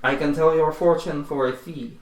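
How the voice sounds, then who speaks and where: A man's voice: on the high side, fairly even intonation, voice pushed up, close to an everyday voice. A man voicing a haughty woman fortune teller with a put-on accent, in a tabletop game recorded in an echoey room on one distant mic. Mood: disdainful. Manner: haughty, slow and clipped.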